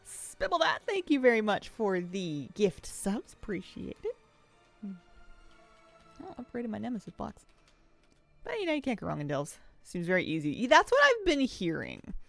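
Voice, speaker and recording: A game streamer talking casually from a home office, chatty and rambling and quick to laugh. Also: medium pitch, wildly swooping pitch, vocal fry, a bit bright, faint music behind. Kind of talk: casual chat while streaming a video game.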